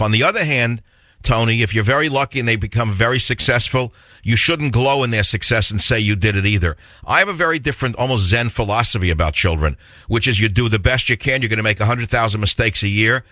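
A man's voice: mid-range voice, bright, forceful tone, no echo, highs cut off. A man with a New York accent hosting a talk radio show, combative and sarcastic in a rambling monologue.

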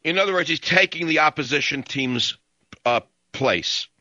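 A man's voice: a little high, expressive, normal speed, pushed and bright, no room sound. A man hosting a talk radio show, ranting and sarcastic as he cuts in on callers. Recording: dull lo-fi broadcast audio.

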